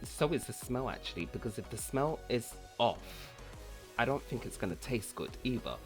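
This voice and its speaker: A man's voice: mid-range voice, animated, normal speed, soft background music. A man hosting a casual cooking vlog, chatty and rambling, who repeats words for fun. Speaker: cooking channel host.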